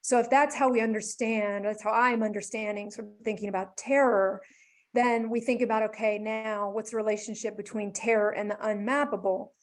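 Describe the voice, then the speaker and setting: A woman's voice: mid-range voice, fairly even intonation, fairly quick. A woman speaking as a researcher on a webinar panel, thinking aloud and often restarting her phrases, talking over a video call. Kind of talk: academic panel discussion.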